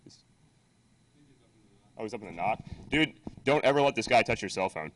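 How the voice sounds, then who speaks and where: A man's voice: on the low side, animated, moderate pace, fairly bright tone. Laid-back man at the conference mic. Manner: loose, chatty, swears casually. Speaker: conference organizer. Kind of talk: casual stage talk.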